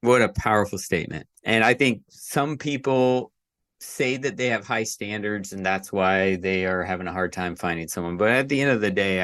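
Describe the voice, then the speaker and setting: A man's voice: deep voice, fairly bright tone. A man co-hosting a podcast, giving earnest relationship advice in casual chat. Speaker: podcast co-host.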